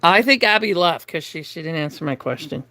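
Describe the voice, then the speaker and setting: A middle-aged woman hosting a livestream, telling a story to her chat in a casual, animated way, often laughing and acting out the people in it. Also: on the low side, brisk, no room sound. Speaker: livestream host.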